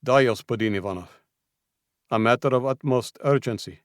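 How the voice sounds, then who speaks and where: A man's voice: medium pitch, moderate pace, no echo, clean studio sound, lightly acted. A man voicing a burly male Russian guard with a thick Russian accent, apologetic but urgent.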